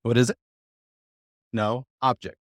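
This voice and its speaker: A man's voice: mid-range voice, little pitch movement, a little slow, no room sound, studio quality. A man teaching a live Hebrew lesson to a church class, patient and full of "uh" fillers as he quizzes his students.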